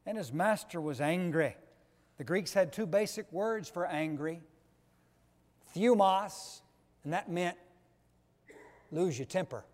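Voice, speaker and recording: Slow, emphatic preacher man in a hall. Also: animated. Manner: slow, emphatic, swings between loud stress and soft low drops. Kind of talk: sermon. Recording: long echo of a large hall.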